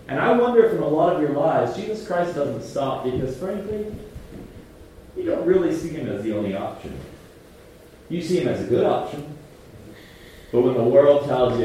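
Animated preacher in an echoey hall. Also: male voice, on the high side, moderate pace, recorded from a distance, a little hiss or hum. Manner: animated, swings between loud outbursts and hushed asides; casual, slangy delivery with frequent laughs. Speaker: pastor. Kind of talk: lively sermon.

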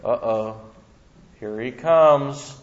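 Preacher putting on panicky young disciples, frantic, comic, high-pitched, dull lo-fi sound. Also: male voice, level tone, fast, gravelly, a bit bright, in a large hall.

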